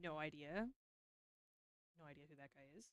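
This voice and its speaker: A young woman streaming as she opens trading cards, talking casually, mumbling nervous asides and breaking into excited squeals. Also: low voice, moderate pace, clear, resonant tone, lo-fi sound. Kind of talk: casual card-opening stream chat.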